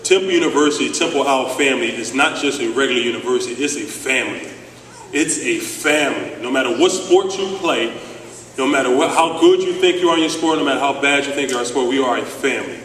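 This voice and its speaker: A man from Philadelphia giving an animated, joking ceremony speech about his playing days. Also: mid-range voice, fast, slight background noise. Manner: animated, joking storyteller with restarts. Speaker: former player giving induction speech. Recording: echoey hall, speaker far from mic.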